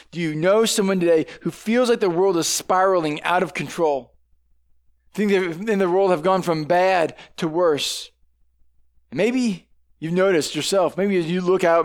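A man with a high voice preaching to a congregation. He speaks in a loose, conversational way, tossing in "right?" and restarting his sentences as he goes. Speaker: pastor. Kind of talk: sermon.

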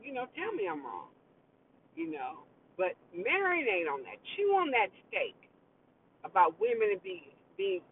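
A woman's voice: mid-range voice, slight background noise. A woman with a New York accent hosting a podcast, talking casually and emphatically to her listeners, often repeating words. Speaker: podcast host. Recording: tinny phone-like sound, distant from mic.

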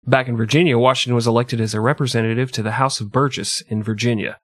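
A man's voice: mid-range voice, fairly even intonation, fast, dry recording. A man in his thirties hosting a podcast, narrating history in an irreverent, profane, joking way and laughing often. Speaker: podcast host.

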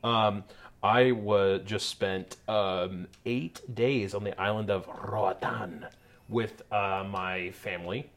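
Podcast co-host: young man, slightly low pitch, loose and self-deprecating. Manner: rambling, self-deprecating, lots of fillers. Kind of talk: casual podcast chat.

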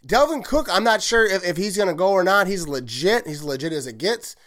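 A man hosting a solo sports podcast, rambling and excited, often correcting himself and laughing at his own slips. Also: sits high, brisk. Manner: rambling, heavy use of "like", self-correcting. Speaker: podcast host.

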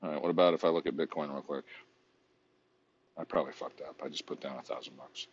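Deep husky man rambling profanely. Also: steady tone, fast talker, highs cut off. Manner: profane, rambling, self-mocking. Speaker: vlogger. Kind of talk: casual rambling chat while browsing online.

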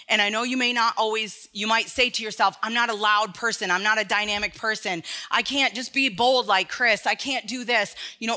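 This woman, part of a church sermon series, addresses the congregation earnestly and conversationally, frequently restarting what she says. She has a lowish voice with a bright, forceful tone.

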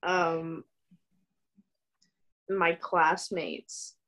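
A woman's voice: lowish voice, flat delivery, very slow, a bit bright. A woman taking part in a group discussion, talking in a wry, chatty way. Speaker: group participant.

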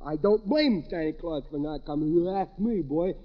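A man's voice: a little high, lively intonation, normal speed, close to an everyday voice. An actor playing a tipsy, wisecracking man on Christmas, with slurred, rambling drunk patter, in 1940s radio comedy style. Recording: noisy dull old radio broadcast.

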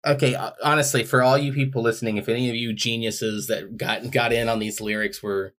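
A man's voice: mid-range voice, fairly even intonation, a little fast, a bit bright. A man co-hosting a casual podcast, talking about song lyrics in a blunt, exasperated way and swearing freely. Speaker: podcast co-host.

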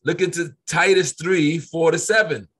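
A man in casual Bible-study conversation, reading scripture slowly and pressing his points with earnest repetition. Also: on the high side, fairly bright tone, slightly rough. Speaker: co-host of a faith discussion.

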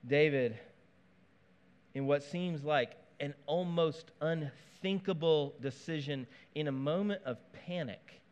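Animated, conversational male preacher. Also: a little high. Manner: conversational and animated, with asides and playful sound effects. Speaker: pastor. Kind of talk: sermon.

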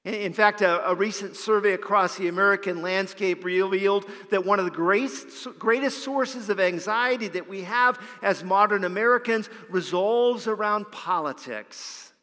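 A pastor's sermon fills a reverberant church sanctuary as he relates a story, often doubling the first word of a phrase. He speaks in a high, bright, forceful voice at normal speed with few pauses.

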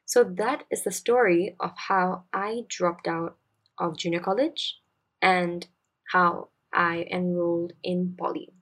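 A Singaporean woman in her twenties hosts a podcast, spinning a personal story in a chatty, confiding, slangy way. Her voice sits a little low for a woman. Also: steady tone, slow, fairly bright tone. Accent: Singaporean English. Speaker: podcast host.

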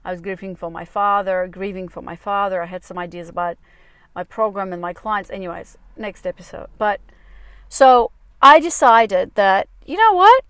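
A woman's voice: medium pitch, moderate pace, fairly bright tone, dry recording. Woman, podcast host, rambling and confessional, swears a lot, small phone mic, parked car, dead dry sound. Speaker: podcast host and dating coach. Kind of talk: candid solo podcast monologue. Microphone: small clip-on mic on a phone.

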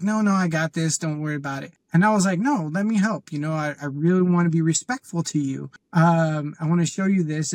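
Man, podcast guest, earnest storytelling, fairly high voice, dry close sound. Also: dry recording. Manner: earnest, halting, with fillers and restarts. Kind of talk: casual storytelling.

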